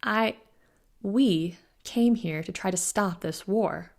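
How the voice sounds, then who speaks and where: A determined young witch in an audiobook, voiced by the woman reading. She speaks tersely and evenly, earnest rather than showy. The voice is low with a heavy gravelly fry. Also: normal speed.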